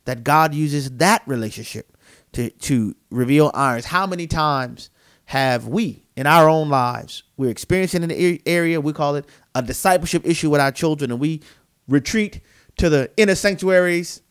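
A man's voice: on the high side, normal speed, fairly bright tone, smooth. A man co-hosting a Christian talk show, speaking in an earnest, emphatic, preacherly way. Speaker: co-host. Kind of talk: Christian podcast conversation, preaching manner.

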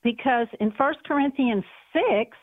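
Over a tinny phone line, a woman with a high voice calls in to a Christian radio show. She speaks at a measured pace on a dry recording, commenting earnestly about churches and pastors.

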